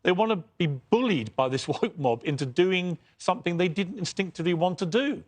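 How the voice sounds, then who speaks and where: A man with a British accent, an excitable panel guest who talks over others with strong opinions. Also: high voice, brisk.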